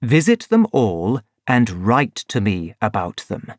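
A man voicing a calm, shrewd middle-aged detective in a storybook reading, low and measured. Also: dry recording, studio quality, exaggerated voice. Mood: instructing.

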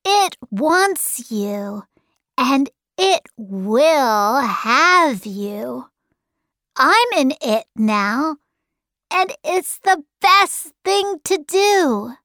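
Woman voicing a small boy, high lilting voice, very slow, cold and detached, dry studio sound. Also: very animated, fairly bright tone, no room sound, heavily acted. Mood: eerie, cold. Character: young boy, cold and eerily calm, under an evil power. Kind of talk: audiobook character voice.

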